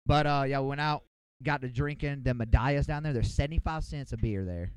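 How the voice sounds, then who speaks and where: Smooth-voiced man telling a rowdy story. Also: medium pitch, a little fast, no echo. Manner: rambling, profane, boisterous anecdote. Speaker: podcast co-host. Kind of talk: casual storytelling among friends.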